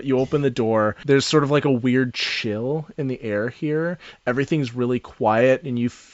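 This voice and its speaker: A man's voice: medium pitch, highs cut off. A man narrating a tabletop game as dungeon master, loose and chatty with fillers, often laughing.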